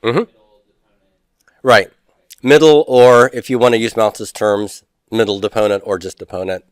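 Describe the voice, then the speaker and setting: A man's voice: fairly low pitch, steady tone, measured pace, no room sound. Joking man teaching Greek, dry sound. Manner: chatty, teasing, drills forms aloud. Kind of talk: recorded classroom lecture.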